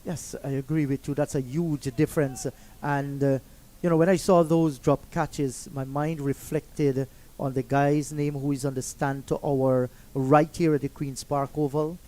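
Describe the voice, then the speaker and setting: A man commentating cricket and telling an anecdote in a relaxed way. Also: on the high side, normal speed.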